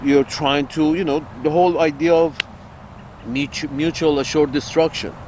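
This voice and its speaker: A man's voice: a little high, steady tone, normal speed, a little mellow, slight background noise. A man giving a rambling political monologue to his audience, blunt and crude, repeating himself and laughing at his own jokes. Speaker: online commentator.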